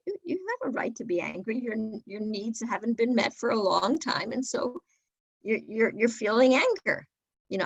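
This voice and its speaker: A woman's voice: medium pitch, gravelly, no room sound. A woman speaking as a guest at a webinar, earnest and repeating words as she restarts her sentences. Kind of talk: webinar talk.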